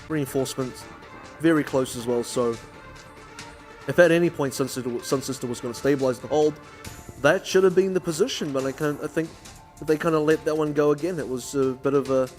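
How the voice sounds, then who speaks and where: A man casting a live esports match, breaking down plays in a measured, analytical way. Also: fairly high pitch, a little mellow. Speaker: esports caster.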